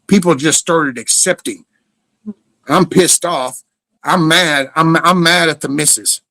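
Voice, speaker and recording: A man's voice: on the high side, a little slow, bright, forceful tone, dry recording. Blunt man rambling, dry close sound. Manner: blunt, profane, meandering with restarts. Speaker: livestream host. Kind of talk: rambling casual monologue.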